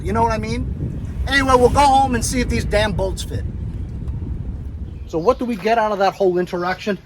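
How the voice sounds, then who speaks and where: Chatty high-voiced man outdoors. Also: fairly even intonation, a little fast, pauses often, noisy background. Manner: chatty, laughs easily, rambling. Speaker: vlogger. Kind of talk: casual chat.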